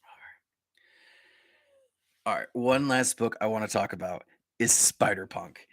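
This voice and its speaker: Excitable rambling male podcast host. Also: fairly low pitch, vocal fry, dry recording. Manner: excitable, rambling, quick bursts. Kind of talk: casual live-stream chat.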